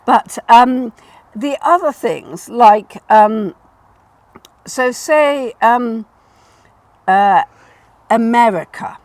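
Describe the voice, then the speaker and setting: A woman hosting a casual chat about plant names, instructive and quick to laugh, repeating words to stress them. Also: on the high side, a little mellow, dry recording. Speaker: garden designer and host.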